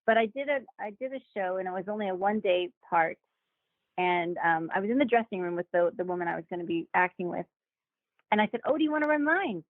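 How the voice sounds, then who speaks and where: Woman guest, lively anecdote-teller, tinny dry call audio, average pitch. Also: fast talker, dry recording. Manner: animated, acts out quoted voices with laughs. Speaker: guest actor. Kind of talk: casual interview storytelling.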